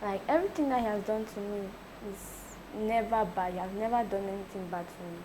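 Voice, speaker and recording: A young woman speaking slowly and softly as an interview guest, full of emotion. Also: medium pitch, background noise.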